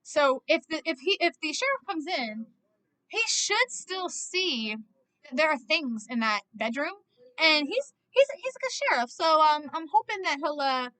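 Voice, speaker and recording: A young woman talks her way through a movie in an easy, chatty reaction style. Her voice sits high and bounces up and down. She breaks into quick exclamations, and the recording is dry with no room sound. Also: bright, forceful tone, no echo. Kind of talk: casual movie reaction commentary.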